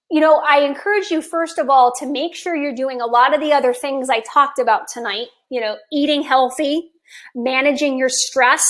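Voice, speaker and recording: A woman in her fifties with a high voice, talking as a health coach on a live stream. She is chatty and enthusiastic. Her voice is a little hoarse from long talking. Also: a bit bright. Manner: enthusiastic, chatty, with occasional laughs.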